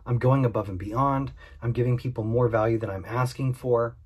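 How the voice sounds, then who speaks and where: A man's voice: medium pitch, fairly even intonation, moderate pace, darkish tone, husky. A man and small business owner speaking earnestly and candidly in a vlog monologue, repeating his points for emphasis. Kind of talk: direct-to-camera vlog monologue.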